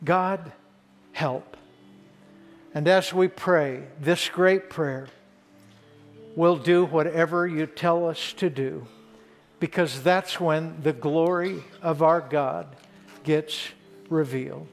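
A man's voice: on the high side, fairly even intonation, slow pace, creaky, long pauses, faint music behind. An older man preaching a sermon to a congregation, earnest and building to fervent emphasis on key lines. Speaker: pastor.

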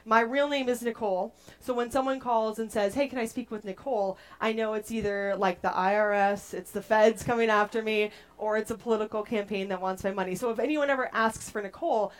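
A young adult woman preaching a casual, playful sermon to a group, chatty and animated as she tells stories. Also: mid-range voice, fairly quick, few pauses.

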